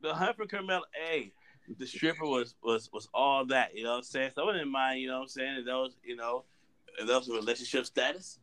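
A man's voice: medium pitch, brisk, a bit bright. A man co-hosting a casual podcast chat, telling loose, crude, joking stories. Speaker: podcast co-host.

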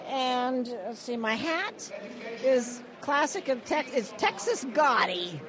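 Woman, vox pop, slow amused giggly, high voice, crowd. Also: expressive.

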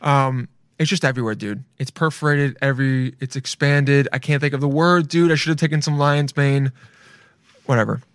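A man giving casual reaction commentary, rambling and excitable, calling people "dude" and swearing freely. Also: medium pitch, normal speed, smooth, dry recording, studio quality. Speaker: video reaction host.

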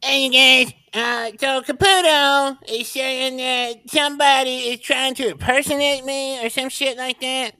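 A touchy, foul-mouthed aging rock star rants as if on a phone call, as a man puts on his voice. The voice sits high and sounds bright and sharp. It is recorded close and dry. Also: steady tone, unhurried, few pauses, clear, resonant tone, no room sound, heavily acted. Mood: annoyed. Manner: indignant, swearing, ranting. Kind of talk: prank phone call impression.

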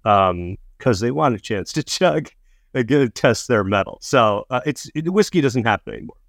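A man's voice: mid-range voice, dry recording, clean studio sound. A man telling loose, profane stories in casual chat, stumbling through restarts and stammers as a comedian and director. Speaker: comedian and film director, podcast guest.

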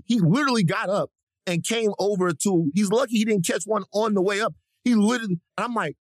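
A man's voice: high-pitched, brisk, dry recording. A male podcast co-host telling a story with energy and profanity, acting out the people in it. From Africa. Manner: lively, profane, mimics people in his stories. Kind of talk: animated storytelling chat.

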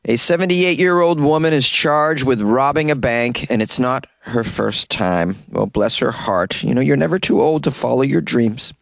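A man hosting a comedic news show, reacting to stories with animated, sarcastic asides and bursts of laughter. His voice sits at a medium pitch and is recorded close up in a small closet, so it sounds dry with no room echo. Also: normal speed, creaky, few pauses. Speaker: podcast host, comedian. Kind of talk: casual comedic news commentary.

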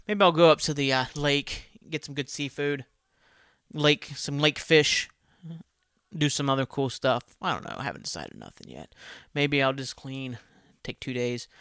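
Podcast host, male, rambling and foul-mouthed, bright edge, close dry sound. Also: mid-range voice, clean tone, no echo. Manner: rambling, profane, self-deprecating. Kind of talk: casual solo podcast chat.

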